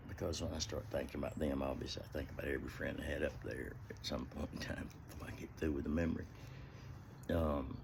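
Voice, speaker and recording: A man with an extremely deep voice talks in a loose, rambling way, full of fillers. He is recorded outdoors, with a faint hiss of ambience behind him. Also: gravelly. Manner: rambling, heartfelt, many "you know" fillers. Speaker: vlogger. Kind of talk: casual outdoor vlog talk.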